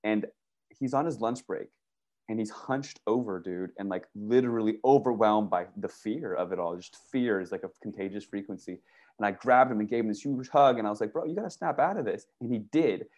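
A man talking casually and excitedly, rambling through stories with many restarts, swearing and saying "dude" and "bro". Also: lowish voice, brisk. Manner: profane, uses "dude" and "bro". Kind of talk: casual conversation.

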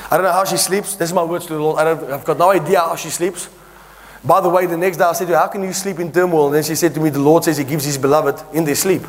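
A man's voice: on the high side, steady tone, fast talker, long reverb tail. A man preaching a sermon as he tells a story, acting out the dialogue with laughing asides.

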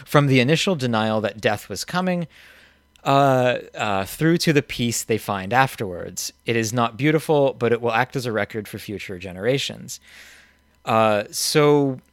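A man co-hosts a casual podcast in a relaxed, dry, deliberate way. His voice sits in a middle register and is recorded close and dry, with no room sound. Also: medium pitch, no room sound. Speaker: podcast co-host. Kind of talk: casual chat and reading emails aloud.

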